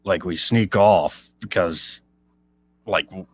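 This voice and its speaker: A man's voice: deep voice, slow pace, slight background noise. A man hosting a casual radio talk show, joking and telling rambling stories. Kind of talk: casual chat.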